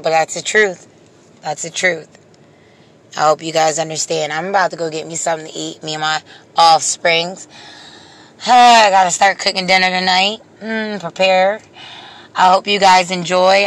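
A vlogger speaks straight to viewers with a bright, forward voice. The talk is impassioned and casual, full of repeated, emphatic phrases in a preachy rhythm. The voice often sinks and fades at the end of a line. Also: medium pitch.

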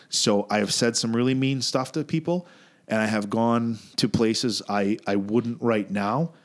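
A man in his thirties co-hosting a casual podcast, telling a story in an animated, profane way, restarting often and jumping up in pitch when he quotes himself. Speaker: podcast co-host.

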